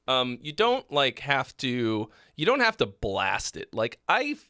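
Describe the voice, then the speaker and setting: A man hosting a live song-feedback stream, speaking bluntly with many fillers and frequent throat clearing. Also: mid-range voice, huge pitch swings, slow, bright, forceful tone, dry recording, clean studio sound. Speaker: host giving song feedback. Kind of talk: casual live critique.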